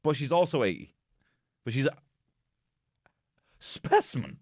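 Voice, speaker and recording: Animated sweary podcast host. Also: male voice, mid-range voice, fairly quick, dry recording, studio quality. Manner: sweary, rambling, jokey, bursts into silly voices. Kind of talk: solo comedic recap podcast.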